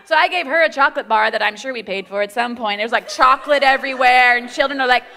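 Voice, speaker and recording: A woman pastor telling a lively family story to her congregation, laughing as she goes and acting out the voices in it. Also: high-pitched, quick pace, gravelly. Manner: animated, laughing, acts out quotes. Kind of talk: storytelling sermon. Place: church. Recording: echoey church hall.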